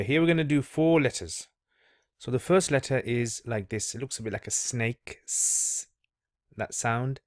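A man's voice: medium pitch, dry recording, studio quality. A man teaching letter sounds in a patient, step-by-step lesson, repeating each sound for the listener to copy. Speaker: Arabic reading teacher. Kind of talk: slow step-by-step lesson narration.

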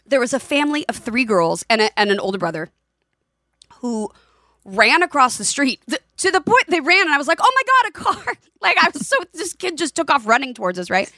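A woman in her forties co-hosting a podcast, casual chat, telling lively anecdotes and acting out the voices in them. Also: sits high, fairly quick, no room sound, clean studio sound. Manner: animated storyteller, acts out voices in anecdotes. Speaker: podcast co-host.

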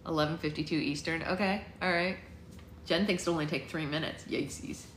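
A woman's voice: low-pitched, a little fast. A woman hosting a book club livestream from home, chatting in a rambling way with viewers and reading aloud. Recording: roomy echo, faint noise.

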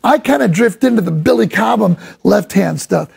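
A man giving a casual, enthusiastic drum lesson, rambling from one point to the next and sometimes voicing drum rhythms out loud. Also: sits high, lively intonation, moderate pace, gravelly, husky. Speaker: drum instructor.

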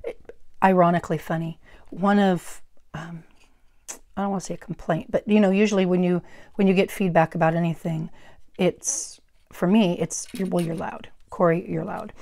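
A middle-aged woman with a naturally loud, slightly low voice walks through a craft project at her workstation. She rambles in a friendly way, correcting herself mid-sentence. The wearable mic gives a close, dry sound. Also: steady tone, normal speed, pauses often, no echo. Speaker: craft tutorial host. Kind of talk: chatty step-by-step craft demonstration. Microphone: wearable microphone.

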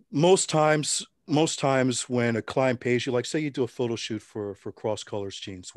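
Low-voiced man telling wry stories. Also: dry recording, studio quality. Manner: relaxed, wry anecdotes with restarts. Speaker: interview guest. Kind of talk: casual storytelling interview.

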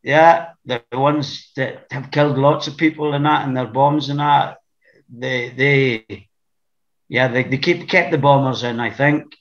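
A man's voice: mid-range voice, steady tone, a little slow. A man from the Orkney Islands with an Orkney Scottish accent, talking as a podcast guest in a rambling, blunt way, often repeating words as he thinks. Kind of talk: casual interview chat. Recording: dull lo-fi sound.

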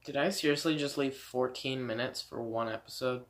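A man's voice: mid-range voice, moderate pace. A man giving casual game commentary, rambling and swearing with many fillers. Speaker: let's play gamer.

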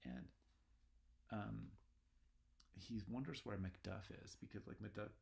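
A man's voice: lowish voice, very animated, unhurried, vocal fry, darkish tone. A man giving a casual literature lecture, talking in a rambling, conversational way with many fillers. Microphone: recorded lecture video.

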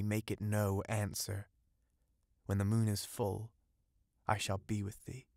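A man voicing a sly, seductive female witch in an audiobook, in a slow, hushed, teasing voice that drops into whispers. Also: on the low side, no room sound, studio quality.

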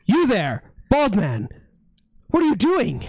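An alarmed city guard, put on by a man, urgent and commanding yet helpful. The voice rides high. It is dry and close. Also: measured pace, a little mellow, no echo, lightly acted.

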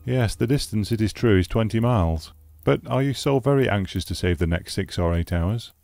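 A man voicing an eloquent, bitter aging scholar in an audiobook, with measured, declamatory delivery. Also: lowish voice, creaky, darkish tone, no room sound, faint music behind, pitched above the performer's own voice. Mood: calm. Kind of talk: audiobook character reading.

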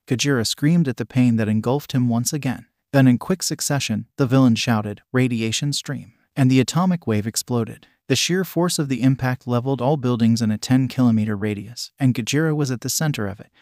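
A man narrating a scripted action fan story in a steady read-aloud manner. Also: medium pitch, dry recording, clean studio sound.

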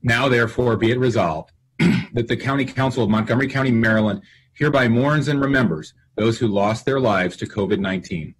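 A man presiding over a council session, reading a formal resolution in a measured cadence. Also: mid-range voice, a little hiss or hum, low-quality recording.

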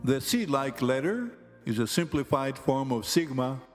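A man teaching Greek grammar in slow, careful scripted narration, pronouncing each word deliberately. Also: medium pitch, expressive. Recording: long hall reverb with faint music.

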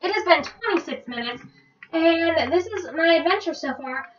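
A woman's voice: extremely high pitch, animated, normal speed, slight background noise. A woman giving casual, rambling gameplay commentary, easily startled and muttering to herself. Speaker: gameplay vlogger. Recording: roomy, distant, dull lo-fi recording.

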